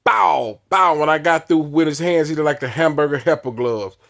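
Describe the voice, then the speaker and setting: A man's voice: on the high side, moderate pace, gravelly, fairly bright tone. A man telling a story in casual speech, with blunt, repeated phrasing, acting out the dialogue as he goes. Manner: acts out dialogue with many quoted lines; repetitive, blunt, punchy phrasing. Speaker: storyteller recounting his past.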